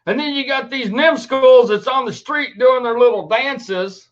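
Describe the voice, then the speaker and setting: A man's voice: very high voice, a little slow. A man hosting his own show, ranting angrily and swearing emphatically in an indignant tone. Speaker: host. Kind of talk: angry commentary rant. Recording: dull lo-fi recording.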